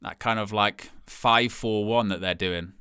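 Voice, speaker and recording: A young man hosting a live fan commentary of a match, talking casually and jumping from quiet asides to loud excited shouts. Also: lowish voice, unhurried, clear, resonant tone, no room sound, clean studio sound. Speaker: fan watch-along host.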